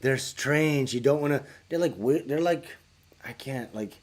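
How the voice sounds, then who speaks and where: A man's voice: medium pitch, a little slow. A man on a livestream telling crude, rambling stories full of swearing and laughter as he answers viewer questions. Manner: acts out callers in louder voices. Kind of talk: casual livestream chat.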